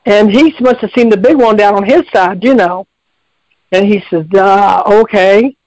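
A man's voice: sits high, a little slow, no room sound, muffled recording. A man calling in to a radio show, telling a long story in a rambling, folksy way with many restarts. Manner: folksy, repetitive, lots of restarts.

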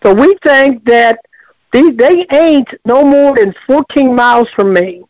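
A woman's voice: high-pitched, measured pace, a little mellow, no echo, muffled recording. A woman, calling in to tell a long story in a rambling, colloquial way with lots of restarts. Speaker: caller. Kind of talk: call-in storytelling.

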